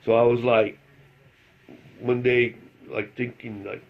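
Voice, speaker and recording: Middle-aged El man, Spanish; casual rambling storyteller who chuckles often; average pitch; muffled lo-fi recording. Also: little pitch movement, takes it slowly, long pauses. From El Paso, Texas. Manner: rambling, chuckles through the telling. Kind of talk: casual anecdote telling. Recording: slightly dull lo-fi recording.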